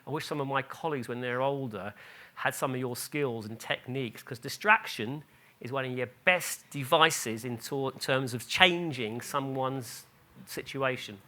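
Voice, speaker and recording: British male speaker, brisk and bright, checks in with the room, stumbles over his words. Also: mid-range voice. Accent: British English. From Britain. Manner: animated, asks the audience "does that make sense, really?"; frequent restarts and repeated "the, the". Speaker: conference speaker on behaviour. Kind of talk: lively conference talk. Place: lecture hall.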